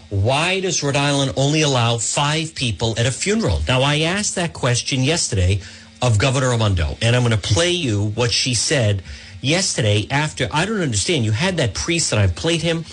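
A husky-voiced man hosts a talk radio show into a studio microphone. He rambles from point to point in a chatty way, forever addressing his listeners as "folks." His pitch sits in the middle of a man's range. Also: a bit bright.

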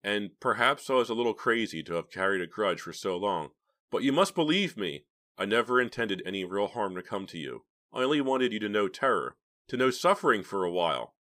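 A man's voice: on the low side, big pitch swings, brisk, bright, forceful tone, pitched above the performer's own voice. A man reading an audiobook, voicing an ill, guilty older uncle who pleads and breaks down. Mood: pleading.

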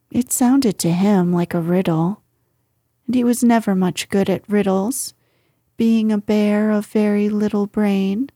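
A woman reading a children's storybook aloud with calm, unhurried narration. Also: medium pitch, husky, no echo, studio quality.

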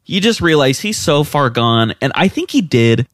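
A man co-hosting a casual film discussion, animated and quick to act out scenes. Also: on the high side, no room sound, studio quality. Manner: animated, acts out quotes in raised voices. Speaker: podcast co-host.

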